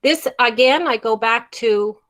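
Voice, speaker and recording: A woman teaching a storytelling workshop over a video call. She is emphatic, slows down to stress key words and often restarts phrases. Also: fairly high pitch, fairly bright tone.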